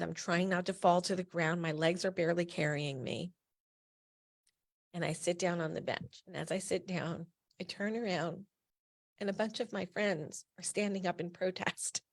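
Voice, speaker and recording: A middle-aged woman from New Jersey, a patient advocate and founder, tells a personal story in a candid, emphatic way with blunt asides. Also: fairly low pitch.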